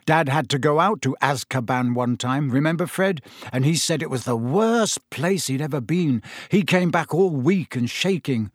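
A calm, wry teenage schoolboy, read by a man speaks in an even, reassuring way. It is a dry, close audiobook voice. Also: fairly high pitch, normal speed, hardly any pauses, dry recording, natural voice.

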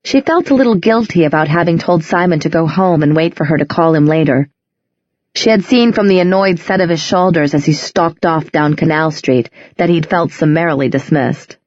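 A woman narrating an audiobook with a measured, even reading, in a slightly dull, dry studio recording. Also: deep voice, dry recording. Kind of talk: scripted narration.

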